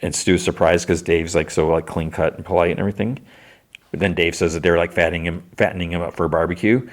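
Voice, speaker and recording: Man, podcast host, casual recap, animated, deep voice. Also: fast. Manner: animated retelling with put-on voices.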